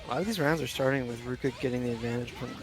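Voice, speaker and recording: A man giving color commentary on a fighting game tournament from home, relaxed and joking with his partner. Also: medium pitch, racing, over music. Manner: relaxed, laughs often, joking. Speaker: esports co-commentator.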